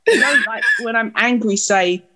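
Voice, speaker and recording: A middle-aged woman co-hosting a casual family podcast, talking in an animated, laughing, defensive way. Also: a little high, moderate pace. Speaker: podcast co-host and mother.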